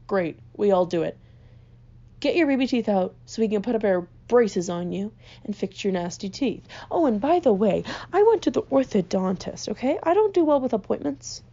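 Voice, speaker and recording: A young woman, ranting in an exasperated, swearing, animated way as a podcast host. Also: mid-range voice, creaky. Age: young adult. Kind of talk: casual comedic rant. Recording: dull lo-fi recording.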